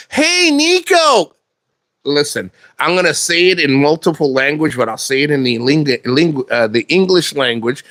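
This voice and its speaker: A man talks straight to the camera in a fairly high voice, blunt and full of swearing. He rambles and restarts his sentences, and the sound is dry and close. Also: fairly bright tone, dry recording. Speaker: vlogger. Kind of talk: casual monologue to camera.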